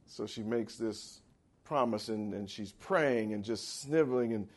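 Gravelly preacher man, chatty sermon, keeps asking amen, gets loud then drops low. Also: a little slow. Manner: conversational preaching with call-and-response amens; dramatic swings in pitch and volume. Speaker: pastor.

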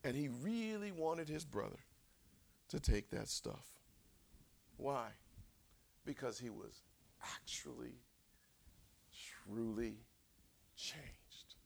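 A man preaching a sermon, conversational, repeating words for emphasis, dropping to whispers and rising to shouts. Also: mid-range voice, animated, takes it slowly, gravelly, long pauses.

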